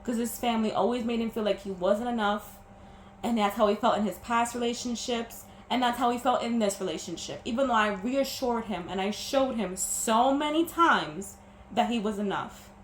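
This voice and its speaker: Sniffling and teary, a young woman vlogs about her breakup, her fairly high voice moving at a moderate pace as she stumbles and restarts. Her emotion is plain. The recording has an echoey room sound and a little background noise.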